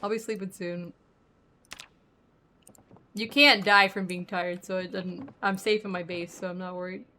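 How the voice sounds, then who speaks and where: A woman's voice: fairly low pitch, steady tone, a little slow, pauses often, bright, forceful tone, a little hiss or hum. A woman streamer giving casual gameplay commentary, thinking aloud and trailing off with fillers while her voice is starting to go. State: losing her voice.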